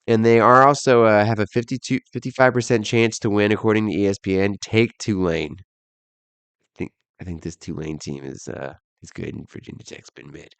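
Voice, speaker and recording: A man's voice: fairly low pitch, gravelly, clean tone, dry recording. A young man hosting a casual solo football podcast, rattling off odds and picks in an offhand, self-deprecating way. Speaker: podcast host. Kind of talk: casual solo bowl predictions.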